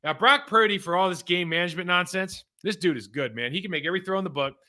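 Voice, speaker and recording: Bright-voiced ex-player breaking down game film. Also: male voice, sits high, quick pace. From California. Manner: conversational and animated, with fillers like "man" and "like". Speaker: former pro football player turned analyst.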